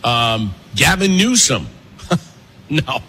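A man's voice: mid-range voice, very animated, drawn-out words, sharp tone, slightly rough. A man hosting a talk radio show from a cafe, delivering a rambling, sarcastic opinion monologue. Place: cafe and pastry shop.

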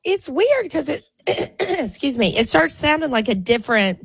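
Bouncy high-voiced woman co-host. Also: very animated, normal speed, vocal fry, no echo. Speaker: radio show co-host. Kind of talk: casual chat.

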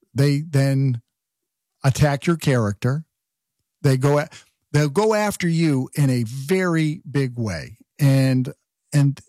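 A man hosting a political talk radio show, talking in an animated, opinionated way and firing off rhetorical questions. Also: fairly high pitch, no room sound, clean studio sound.

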